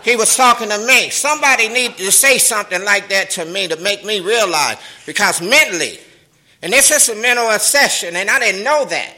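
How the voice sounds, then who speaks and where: A middle-aged man shares his recovery story at a meeting in African American Vernacular English, animated and streetwise, with profanity and laughter. His voice is high and a little fast, and the recording is rough.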